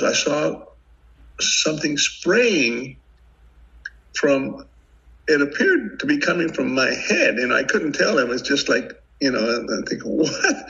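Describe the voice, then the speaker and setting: Older male podcast guest, gravelly and forceful, animated storyteller; muffled lo-fi recording. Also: fairly high pitch. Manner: vivid, animated retelling with many restarts. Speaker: podcast guest, retired FBI agent. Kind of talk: casual storytelling interview. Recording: dull lo-fi audio.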